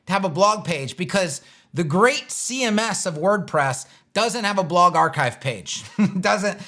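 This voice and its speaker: A man's voice: high-pitched, expressive, a little slow, sharp tone. A man hosting a live web design stream, answering chat questions in a rambling, exasperated, joking way. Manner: rambling, exasperated, restarts and wry jabs. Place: home studio, seated in a chair.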